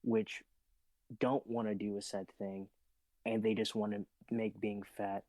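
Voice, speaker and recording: A man's voice: fairly low pitch, level tone, unhurried, a little mellow, no room sound, rough recording. A man in a casual group discussion, laying out his points step by step with careful hedging. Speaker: podcast co-host.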